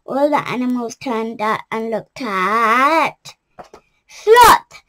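Woman reading a kids' picture book aloud, high voice, slow and careful. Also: lively intonation, bright, forceful tone. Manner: careful with small restarts. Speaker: storyteller.

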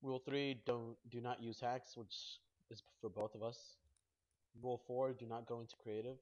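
A young man hosting a casual gaming video, goofy and excitable, rambling as he plays. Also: medium pitch, moderate pace. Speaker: host. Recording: dull lo-fi mic.

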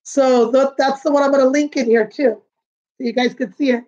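A kindergarten teacher, a woman with a high voice, reads a picture book aloud. She stops to explain pictures and words for the children. The recording sounds dull and lo-fi. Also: steady tone, fairly quick, dark tone.

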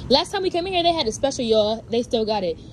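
A woman's voice: on the high side, expressive, fast talker, a little hiss or hum, poor audio. A young woman chatting playfully to camera in a casual vlog, often from her car. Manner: chatty and playful, bursts into song. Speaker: vlogger.

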